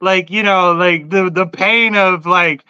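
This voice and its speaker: A man's voice: high voice, slow pace, smooth, dry recording, dull audio. A man as a podcast guest, telling stories in a giggly, profane casual chat. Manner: giggly, profane, animated storyteller.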